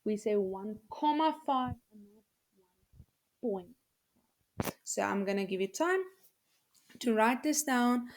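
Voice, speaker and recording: A woman, a teacher explaining step by step in a recorded video lesson, patiently repeating numbers slowly for her students. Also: on the high side, lively intonation, slight background noise.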